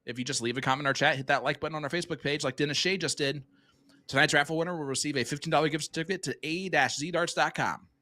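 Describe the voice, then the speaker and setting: Fast, bright-voiced darts commentator. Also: male voice, a little high. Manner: upbeat, chatty, reads promos quickly. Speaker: darts commentator and stream host. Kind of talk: live darts commentary with sponsor reads.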